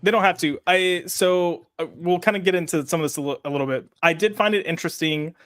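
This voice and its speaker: A man's voice: high voice, fast talker, fairly bright tone, smooth, dry recording, studio quality. A man hosting a casual podcast chat, teasing his co-hosts and laughing often. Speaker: podcast host.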